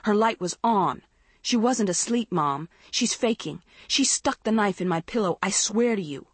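A woman narrator voicing a frantic teenage girl who shrieks and insists in a shrill, raised voice, in a dry recording. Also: animated, normal speed, slightly rough, dry recording.

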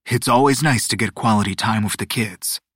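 A man voicing a booming, grinning male god of bad luck who sounds falsely friendly. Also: normal speed, fairly bright tone, slightly rough, no echo, studio quality. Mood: oily, jovial.

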